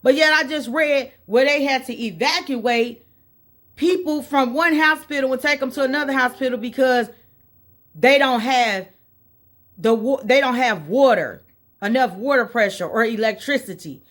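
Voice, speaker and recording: A woman from Indiana, USA, speaks straight to her vlog audience with a slightly high voice. She rants in exasperation and circles back to the same complaints. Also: moderate pace, fairly bright tone. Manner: exasperated ranting, repeats points. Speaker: vlogger. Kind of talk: casual opinion vlog.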